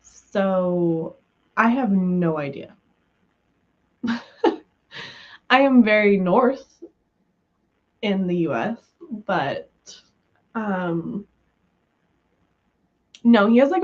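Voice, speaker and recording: A woman's voice: medium pitch, expressive, very slow, pauses often, dull audio. A woman from the US West Coast chatting casually with viewers on a livestream, giggly and full of fillers, just over being sick. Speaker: livestream host.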